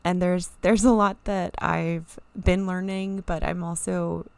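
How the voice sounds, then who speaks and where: A woman's voice: lowish voice, little pitch movement, a little slow, gravelly, clean tone, no echo. A woman streamer chatting casually and emotionally to viewers, rambling and near tears. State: teary, near crying. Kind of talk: casual live-stream chat.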